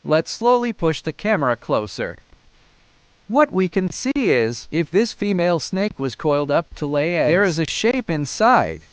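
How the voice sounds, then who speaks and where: Guy doing snake science outdoors, bouncy pitch, dry close sound, lots of wows. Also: normal speed, clear, resonant tone, no echo. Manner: excited exclamations, counting aloud. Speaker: snake educator. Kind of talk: outdoor field commentary.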